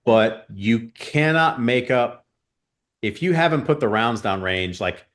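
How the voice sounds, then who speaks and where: A man's voice: mid-range voice, animated, unhurried, a bit bright. A man speaking as a guest on a podcast, an earnest shooting coach rambling casually with many fillers. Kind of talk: casual interview chat.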